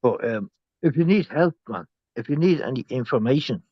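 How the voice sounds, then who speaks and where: A man talking on a phone in a rambling casual chat, swearing a lot and swinging from loud outbursts to whispers. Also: medium pitch, lively intonation, normal speed, no room sound, lo-fi sound.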